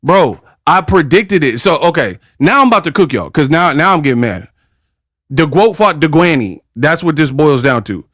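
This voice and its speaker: A man's voice: fairly high pitch, fairly bright tone, dry recording, studio quality. A man hosting a casual boxing commentary vlog, talking in brash, slangy trash talk. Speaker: boxing commentary channel host.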